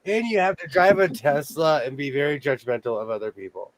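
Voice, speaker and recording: A man in a casual group chat, joking and quick to laugh. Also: on the high side.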